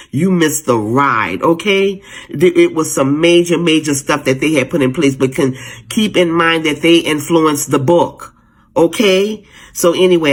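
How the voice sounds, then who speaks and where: A man's voice: a little high, fairly bright tone. A man preaching with strong feeling, repeating his phrases and calling listeners honey and baby. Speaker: spiritual speaker in a clip. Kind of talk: emotional preaching.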